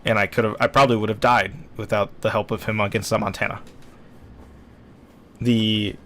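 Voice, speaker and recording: A man's voice: fairly low pitch, flat delivery, moderate pace, a bit bright. A young man casually commenting on a replay of his own naval battle game, chatty and self-deprecating, acting out what he was thinking at the time. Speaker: gameplay commentator.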